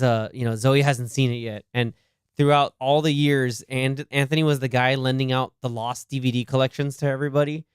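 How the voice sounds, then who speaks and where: Excitable man chatting about a movie. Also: mid-range voice, clear, resonant tone, no echo, studio quality. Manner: excitable, laughs often, acts out movie lines. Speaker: podcast co-host. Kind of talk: casual movie discussion chat.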